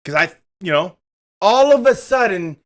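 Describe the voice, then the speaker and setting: Animated man telling a street story. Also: high voice, normal speed. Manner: animated storyteller acting out quotes, swears freely. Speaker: co-host. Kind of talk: casual storytelling chat.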